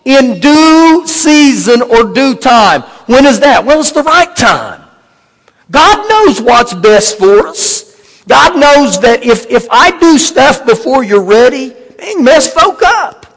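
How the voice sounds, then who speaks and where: High-voiced preacher in a reverberant hall. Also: male voice, very animated, a bit bright. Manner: repeats key phrases, slows down to stress words. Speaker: pastor. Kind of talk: sermon.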